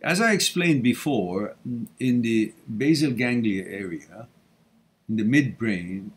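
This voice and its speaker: A middle-aged man with a low, husky voice hosts a live Q&A. He talks in a loose, chatty way and laughs easily between points. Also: slow. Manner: casual, chatty, laughs often. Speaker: host. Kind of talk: live Q&A talk.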